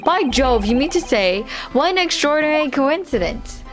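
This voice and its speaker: A woman's voice: high-pitched, very animated, moderate pace, faint music behind, voice pushed up. A woman voicing a pompous older male judge in a courtroom game, using stately, old-fashioned speech.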